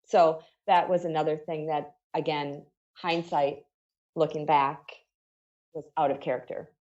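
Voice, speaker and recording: Earnest middle-aged woman, lowish voice. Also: level tone, unhurried, darkish tone, lo-fi sound. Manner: conversational and earnest, full of "you know" and "like". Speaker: guest. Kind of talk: personal story in an interview.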